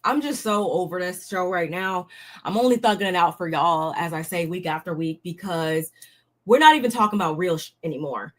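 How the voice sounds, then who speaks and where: Speaking fairly quickly in a lowish voice, a young woman offers casual commentary on a reality show, slangy, blunt and frequently exasperated.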